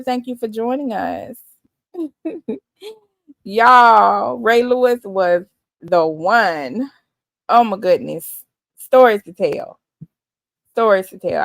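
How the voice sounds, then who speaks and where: A woman's voice: mid-range voice, fairly bright tone, dry recording. A woman hosting a casual live stream, chatting and laughing often as she reacts to clips.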